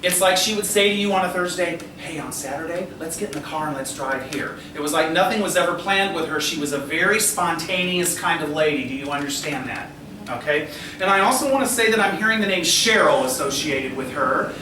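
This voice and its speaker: A man's voice: fairly high pitch, a little fast. A man working as a psychic medium, giving a live demonstration to a seated audience in a restaurant and constantly checking in with the listener, laughing lightly as he goes. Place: restaurant dining room before a seated audience. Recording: roomy, distant camera audio with background noise.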